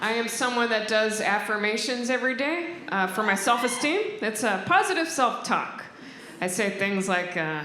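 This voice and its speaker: A woman doing stand-up with a dry, deadpan delivery that she calls sarcastic. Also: fairly high pitch, normal speed. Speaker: stand-up comedian. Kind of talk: stand-up comedy. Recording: echoey stage with loud crowd.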